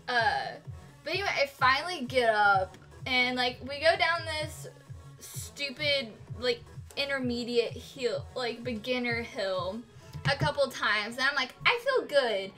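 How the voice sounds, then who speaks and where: A young woman streaming while she crafts, telling a story in a casual, animated way with lots of fillers and giggles. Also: on the high side. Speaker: cosplay streamer.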